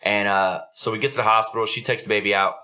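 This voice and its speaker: A man's voice: lowish voice, level tone, quick pace, pushed and bright. A young adult man hosting a podcast, telling a story in a casual, profanity-heavy way. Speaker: podcast host.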